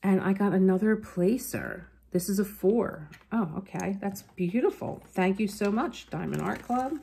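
Woman doing a craft unboxing at home, slow and unhurried, keeps gushing and going oh my god, phone on a tripod. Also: medium pitch, vocal fry, slight background noise. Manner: gushing, excited, softly exclaiming. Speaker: crafting channel host. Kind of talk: casual unboxing vlog.

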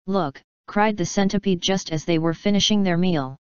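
A woman reads a children's story in a clear, measured way. Her lowish voice is crisp and close, recorded dry with a slightly muffled tone. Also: fairly even intonation, no room sound. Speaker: audiobook narrator. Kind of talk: storybook narration.

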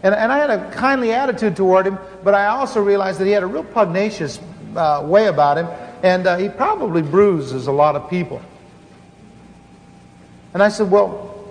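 Male pastor, high voice, earnest storytelling sermon with restarts, conference hall echo, faint hiss. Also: expressive, normal speed.

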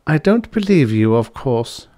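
A man's voice: medium pitch, sing-song, measured pace, mellow, pitched above the performer's own voice. A cool, defiant young woman, as a man puts her on.

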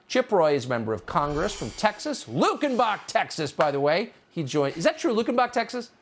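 Husky-voiced sardonic news host, man. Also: on the high side, big pitch swings, normal speed, hardly any pauses. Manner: sardonic, incredulous, mocking asides. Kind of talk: cable news interview.

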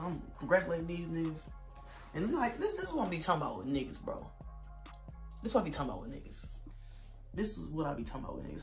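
A young man, telling a story in a casual vlog, animated and slangy, getting loud when he quotes himself. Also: sits high. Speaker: vlogger.

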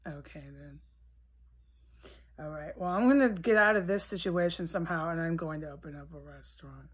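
A woman rambling alone at home in a solo monologue, swearing often and drifting between low mutters and heated outbursts. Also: moderate pace, husky. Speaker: vlogger. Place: at home, indoors with a window open.

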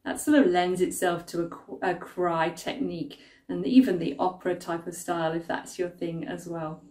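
A woman's voice: on the low side, little pitch movement, normal speed, mellow, far from the mic. A woman teaching singing technique in a friendly, chatty way, speaking straight to her students. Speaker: vocal coach. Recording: roomy sound, voice a little off-mic.

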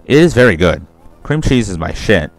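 A man's voice: fairly low pitch, very animated, moderate pace, soft background music. A young man doing casual let's-play commentary, rambling, swearing freely and correcting himself mid-sentence. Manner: rambling, profane, self-correcting.

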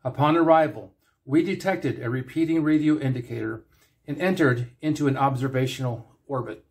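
A man's voice: mid-range voice, normal speed. A man reading his own fan fiction, with a casual intro and plain narration.

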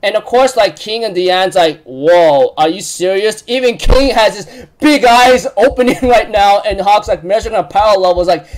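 A man with a notably high-pitched voice talks through a casual recap. He rambles, leans on fillers and often breaks into laughter. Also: normal speed, few pauses. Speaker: recap host.

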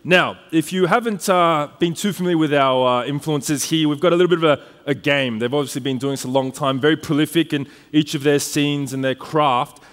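An Australian man hosting a launch event from the stage, playful and upbeat as he rallies the audience. His somewhat high voice rings through a long-reverb conference hall. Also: fairly quick, hardly any pauses, a bit bright. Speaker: event host.

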